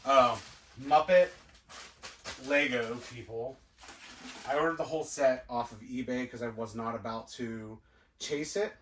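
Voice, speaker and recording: Slow and musing, a male toy collector vlogger chats casually to himself while sorting and unpacking boxes of toys in a cluttered room indoors. His voice sits at a medium pitch and sounds a bit bright over slight background noise. The mic is far off in an echoey space.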